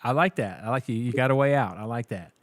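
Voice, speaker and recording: A man's voice: medium pitch, quick pace, dry recording. Teasing male interviewer, dry sound. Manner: teasing, joking questions. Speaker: interview host. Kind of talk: casual interview chat.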